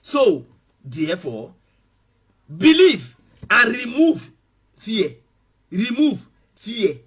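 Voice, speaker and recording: Pastor preaching hard, high bright voice, goes from shouting to soft, kinda husky. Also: male voice, wildly swooping pitch, extremely slow. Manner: emphatic preaching, shifting between shouts and soft asides. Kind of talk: sermon.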